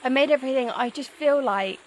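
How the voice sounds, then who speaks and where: A woman's voice: sits high, a little fast, a little hiss or hum, poor audio. Chatty Northern English woman vlogging outdoors. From England. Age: 20s. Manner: chatty, upbeat, laughs often. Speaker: travel vlogger. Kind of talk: casual vlog chat. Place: outdoors in Thai countryside.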